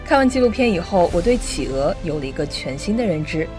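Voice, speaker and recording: A woman hosting a bilingual English lesson, upbeat, drilling words slowly and carefully. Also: lowish voice, big pitch swings, music in the background. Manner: upbeat, switches between Chinese and English, slow careful pronunciation drills. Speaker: English teacher and host.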